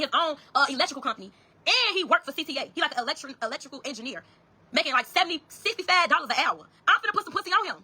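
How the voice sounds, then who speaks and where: A woman with a high, bright voice races through a story. Her delivery is emphatic and full of swearing, and she keeps turning to her listeners to address them directly. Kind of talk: casual storytelling to viewers.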